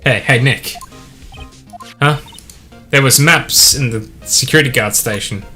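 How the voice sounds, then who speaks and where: A man's voice: mid-range voice, measured pace, sharp tone, soft background music. A man doing a chirpy young sidekick girl.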